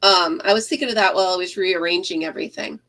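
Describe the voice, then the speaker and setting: A woman's voice: lowish voice, fast talker, fairly bright tone. A woman chatting casually on a home crochet livestream, rambling, laughing often and greeting viewers by name. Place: craft room at home.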